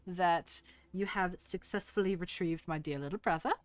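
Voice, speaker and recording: A woman's voice: fairly low pitch, moderate pace, no room sound, close to an everyday voice. Woman voicing a gracious queen. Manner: formal, composed speech.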